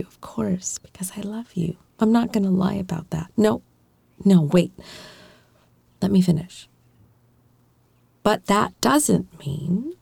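A woman plays a loving girlfriend in a whispered role-play, soothing her partner with a soft, reassuring manner. The voice is mellow and unhurried, with a breathy edge. It sits close and dry, with no room around it. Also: mid-range voice, no echo, heavily acted. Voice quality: soft, gentle, reassuring, playfully teasing. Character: affectionate young adult girlfriend comforting her partner.

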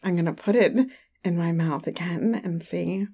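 A woman's voice: fairly low pitch, fairly even intonation, moderate pace, vocal fry, dark tone, breathy edge. A woman giving a casual monthly update to her listeners, chatty and giggly, on a home microphone, with a slightly runny nose. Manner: chatty and giggly, trailing off with fillers. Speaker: adult audio creator. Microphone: studio microphone at home.

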